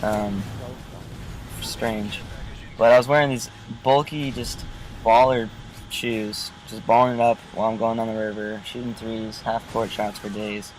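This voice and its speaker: A man's voice: lowish voice, steady tone, a little slow, rough recording. A man vlogging from inside his car, telling a story in a casual, rambling, joking way, with car noise in the background. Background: passing car noise.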